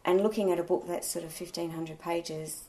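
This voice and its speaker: A woman, an audiobook reviewer and blogger, chatting in an opinionated, animated way during an interview. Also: lowish voice, fairly quick. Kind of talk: casual interview chat.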